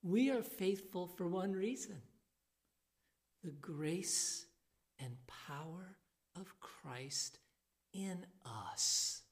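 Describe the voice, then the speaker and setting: With a fairly low-pitched voice, a woman delivers a sermon in church through a handheld microphone. Her delivery is slow and emphatic, livening up as she voices the characters in the passage.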